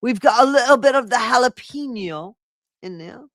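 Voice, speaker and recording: A woman hosting a live stream, chatting casually and excitably with her viewers. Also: on the high side, moderate pace, dry recording, studio quality. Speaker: streamer host.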